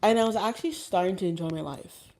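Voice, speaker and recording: A woman's voice: mid-range voice, fast talker, vocal fry, darkish tone, a little hiss or hum. A woman telling a personal story in a casual, rambling way, with many fillers and restarts. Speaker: vlogger.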